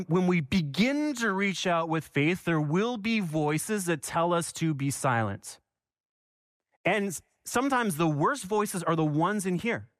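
A man's voice: high voice, fairly bright tone, dry recording, clean studio sound. A man preaching a sermon with passion, repeating phrases for emphasis and asking the congregation questions. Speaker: pastor.

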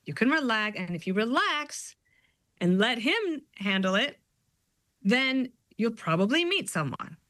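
A middle-aged woman, a guest author, talking in an animated, storytelling way. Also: on the high side, no room sound. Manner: animated storyteller, quick asides. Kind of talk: conversational interview.

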